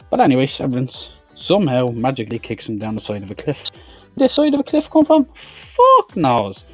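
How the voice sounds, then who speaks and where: A man's voice: medium pitch, a little mellow, breathy edge. A man giving a blunt, swear-heavy review of an action film, talking casually and with exasperation. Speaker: movie reviewer.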